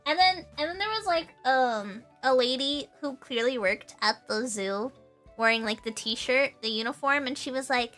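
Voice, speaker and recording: Giggly high-voiced woman streamer. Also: moderate pace, pushed and bright, soft background music. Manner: rambling, giggly storytelling. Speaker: livestream host. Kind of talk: casual stream chat.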